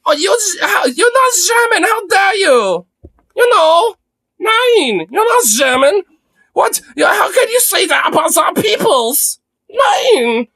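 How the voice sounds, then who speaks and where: A shrieking, indignant nationalist woman, as a man puts her on in a mocking falsetto. Her voice jumps far above his own and rings out in sharp, outraged cries. It sounds distant and thin. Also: sing-song, takes it slowly, dry recording, exaggerated voice. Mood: shrill outrage.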